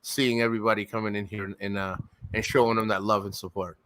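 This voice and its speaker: Guy hosting a live stream, bright pushy voice, rambly and emotional. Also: fairly low pitch, flat delivery, fast talker. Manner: rambling, restarts a lot, retells quotes. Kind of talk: emotional casual chat.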